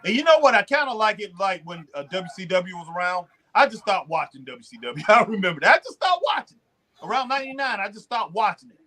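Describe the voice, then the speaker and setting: A middle-aged man with a high voice chats casually about wrestling as a co-host. He talks in an animated, drawling way and keeps acting out wrestlers in asides. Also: fast. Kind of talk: casual chat.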